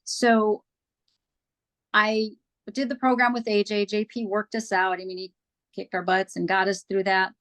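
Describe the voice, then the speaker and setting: A woman in the guest's chair with a voice of ordinary middle pitch. She tells her story candidly and earnestly, slipping into the voices of past conversations as she goes. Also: little pitch movement, measured pace, long pauses, fairly bright tone. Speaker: interview guest. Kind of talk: casual personal storytelling.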